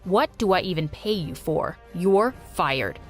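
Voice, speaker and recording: A woman playing a strict, wealthy father, pitched down and gruff. He scolds firmly in an animated drama with faint music behind. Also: unhurried. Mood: stern.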